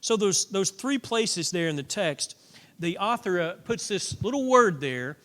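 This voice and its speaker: A middle-aged man teaches a Bible lesson in a relaxed, conversational manner, often repeating words as he restarts a thought. His voice sits high for a man. The sound rings with the long reverb of a church auditorium. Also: measured pace. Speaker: preacher.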